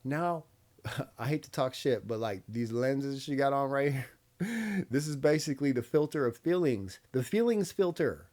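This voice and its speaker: A man's voice: mid-range voice, lively intonation, unhurried, darkish tone. A man in his thirties hosting a reaction video, talking bluntly and casually, swearing often and laughing between remarks. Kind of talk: casual commentary.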